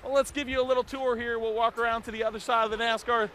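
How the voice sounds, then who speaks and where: A man hosting a live walk-around in an outdoor race garage, talking into a handheld mic in an energetic, rambling way. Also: very high-pitched, quick pace, heavy background noise. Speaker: garage reporter host. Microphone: handheld microphone.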